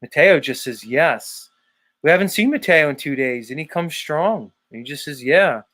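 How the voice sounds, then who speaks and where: A man's voice: a little high, animated, brisk, fairly bright tone, dry recording. A man hosting a livestream, ranting sarcastically with a lot of swearing and casual banter with his co-host.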